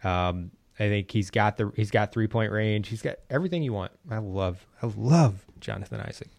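A man pitching fantasy basketball sleepers in a casual podcast chat, enthusiastic and prone to stumbling restarts. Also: moderate pace, creaky, darkish tone, a little hiss or hum.

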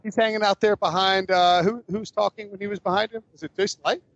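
High-voiced man rambling on a podcast. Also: steady tone, fast, a bit bright, no echo, muffled recording. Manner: rambling, self-correcting, jokey. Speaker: podcast host. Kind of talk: casual sports podcast chat.

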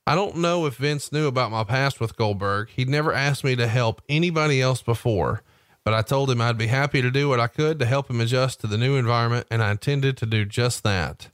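A podcast host, a man with a mid-range voice, reads memoir passages in a steady, even way and breaks off for wry asides. The sound is close and dry, with no room around it. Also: mid-range voice, brisk, dry recording. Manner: steady read-aloud delivery with wry asides. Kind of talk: reading a memoir aloud and asking questions.

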